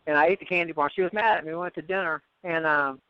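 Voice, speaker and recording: A man's voice: fairly high pitch, steady tone, fast talker, clear, resonant tone, no echo. A man calling in to a radio show, telling a personal story in a rambling way that repeats words. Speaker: caller. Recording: dull muffled phone audio.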